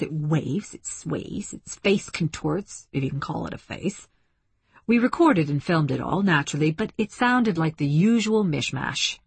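A woman's voice: lowish voice, gravelly, husky, no echo, exaggerated voice. A woman voicing a frustrated female linguist who speaks sharply and impatiently.

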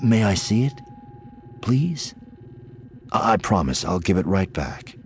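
An easygoing, cheeky young rogue with a genial, bouncy delivery, as a man reads him. His deep voice moves a lot in pitch and stays unhurried. It is an audiobook character. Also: big pitch swings, slight background noise, full character voice. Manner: genial, cheeky, a bit louder.

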